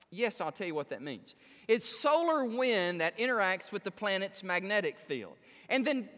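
A man's voice: high-pitched, a bit bright. A male pastor preaching a sermon, telling stories with self-deprecating humor and frequent stammered restarts. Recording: long reverb of a large hall.

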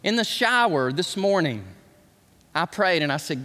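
Man, pastor preaching, high voice, lively swinging pitch, long hall reverb. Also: measured pace. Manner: animated storytelling with folksy asides. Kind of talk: sermon. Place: church sanctuary.

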